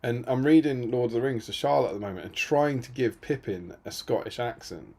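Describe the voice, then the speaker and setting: Husky, chatty British man on a stream. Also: medium pitch, brisk, darkish tone. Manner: chatty, dry and self-mocking. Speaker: co-host of a tabletop gaming stream. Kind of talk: casual live-stream chat.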